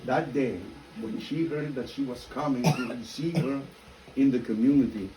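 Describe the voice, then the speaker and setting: A man with an Italian accent, a priest telling a story in a lively, self-mocking way and acting out the dialogue. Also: mid-range voice, moderate pace, a little hiss or hum, rough recording. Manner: animated, self-mocking storyteller who acts out quoted dialogue. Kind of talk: storytelling talk.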